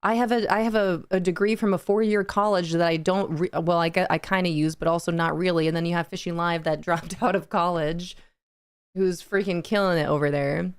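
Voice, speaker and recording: A woman's voice: fairly low pitch, steady tone, fairly quick, clean tone, no room sound, studio quality. A young woman hosting a cozy game livestream, chatting with her viewers, reading their messages aloud and laughing often. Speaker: livestream gaming host. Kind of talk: casual chat with live chat.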